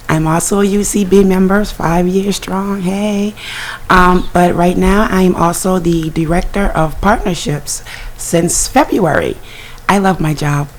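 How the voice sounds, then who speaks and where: A woman's voice: on the low side, measured pace. A woman with a scratchy voice, talking upbeat and eager as a guest on a local radio show. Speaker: guest, organization director. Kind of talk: casual radio talk.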